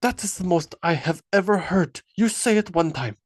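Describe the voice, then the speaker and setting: A man reading an audiobook, voicing a short Viking woman who asks quietly and curiously. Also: high voice, lively intonation, normal speed, no echo, studio quality, pitched above the performer's own voice.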